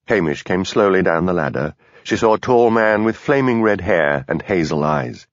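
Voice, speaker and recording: Brief: low-voiced male narrator, animated mystery reading, dry muffled studio sound. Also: moderate pace, no echo. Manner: lively, expressive reading. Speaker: audiobook narrator. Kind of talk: scripted narration.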